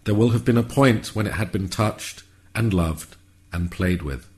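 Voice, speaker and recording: A man narrating a whimsical story in a calm, measured, wry way. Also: sits low.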